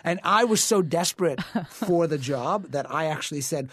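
A man's voice: fairly high pitch, animated, normal speed, few pauses, fairly bright tone, dry recording. A man, an actor, talking casually in an interview and telling stories in a reflective way, with frequent fillers and restarts. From United States. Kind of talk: conversational interview storytelling.

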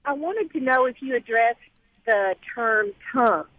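A woman's voice: fairly high pitch, lively intonation, a little slow, no room sound. A woman calling a radio show, eager and friendly, heard over a dull lo-fi line. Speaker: caller. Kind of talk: radio call-in chat.

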